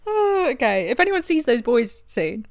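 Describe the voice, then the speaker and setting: A young woman co-hosting a podcast in casual chat, a bit tipsy, self-deprecating and giggly with quick asides. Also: a little high, sing-song, no echo, studio quality. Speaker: podcast co-host.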